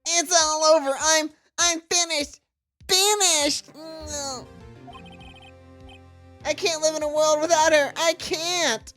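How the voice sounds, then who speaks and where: A woman's voice: steady tone, takes it slowly, pauses often, fairly bright tone, faint music behind. A woman doing a whiny wimpy young man. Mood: despairing. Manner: high wailing sobs.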